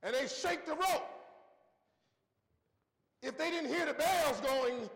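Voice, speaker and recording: A man's voice: very high-pitched, animated, measured pace, a bit bright. A man preaching a sermon in a church, telling folksy stories and checking in with the congregation with "okay?". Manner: folksy storytelling with frequent "okay?" check-ins. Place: church sanctuary. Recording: echoey church hall.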